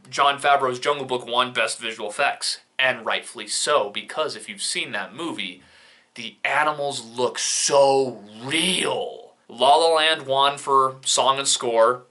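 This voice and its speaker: Bright-voiced opinionated young man reviewing films. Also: medium pitch. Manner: opinionated, sarcastic asides. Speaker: film reviewer. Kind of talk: casual video commentary.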